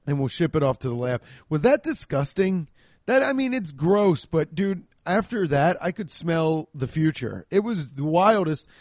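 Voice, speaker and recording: A man's voice: fairly high pitch, darkish tone, dry recording, studio quality. A young man hosting a podcast, telling a rambling, self-deprecating comic story and swearing freely. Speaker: podcast host. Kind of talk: casual comedic storytelling.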